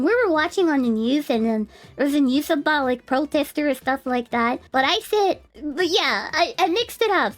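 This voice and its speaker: A woman streaming in casual chat, speaking halting English as a second language, laughing often as she tells stories and using many fillers. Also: sits high. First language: not English. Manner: giggly, laughs often while telling stories.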